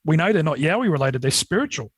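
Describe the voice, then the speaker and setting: An Australian man telling rambling stories as a podcast guest, getting animated when he retells a scare. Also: on the high side, fast, no echo, low-quality recording. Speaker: podcast guest, Yowie researcher. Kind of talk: casual storytelling.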